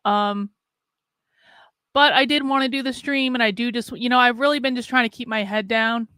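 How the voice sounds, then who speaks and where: A woman's voice: on the high side, moderate pace, smooth, dry recording, studio quality. A woman hosting a casual livestream, talking candidly and steadily through sadness, often repeating herself. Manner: candid, sad but steady, talks in restarts and repeats. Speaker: host.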